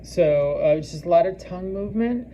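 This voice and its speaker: A man giving a casual spoken language lesson, slowly repeating foreign phrases and using many fillers. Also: sits high, animated, dark tone, muffled recording, slight background noise. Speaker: language teacher.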